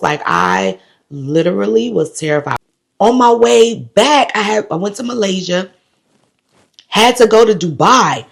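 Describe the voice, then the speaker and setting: A woman's voice: mid-range voice, vocal fry. A woman vlogger from the United States, animatedly retelling a travel ordeal straight to the camera. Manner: animated, dramatic retelling with quoted voices and laughs. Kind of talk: casual storytelling to camera.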